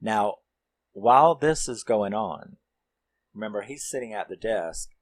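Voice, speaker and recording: A man's voice: lowish voice, animated, measured pace, low-quality recording. A man reviewing a film, recapping the plot in a rambling, casual way with lots of fillers and some swearing.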